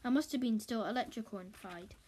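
Woman reading a goofy curly-haired young man, cheerful and offhand, slightly high. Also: a little fast, darkish tone, husky.

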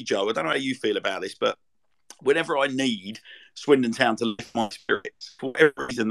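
Guy on a football podcast, gravelly voice, lots of ums and restarts, just chatting. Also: mid-range voice, a bit bright. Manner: rambling, full of fillers and restarts. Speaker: podcast co-host. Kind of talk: casual chat.

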